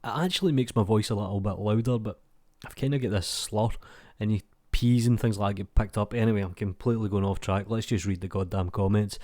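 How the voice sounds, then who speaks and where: A man's voice: fairly low pitch, brisk, mellow, dry recording, clean studio sound. A young adult man with a Scottish accent, hosting his channel and reading viewer comments in a chatty, rambling, laid-back way, talking into a mic with no pop filter. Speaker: YouTube channel host. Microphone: desk mic without pop filter.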